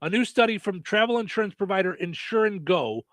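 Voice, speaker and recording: A man's voice: high voice, lively intonation, fairly quick, a bit bright, no echo. A middle-aged man hosting a radio show, rambling easily through a list with chatty asides. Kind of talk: casual radio banter.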